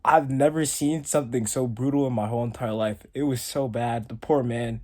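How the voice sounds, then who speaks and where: A man's voice: mid-range voice, fairly even intonation, brisk, dark tone. A young man telling a story casually to camera, rambling and saying "like" often. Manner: rambling, heavy use of "like". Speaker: storytime vlogger.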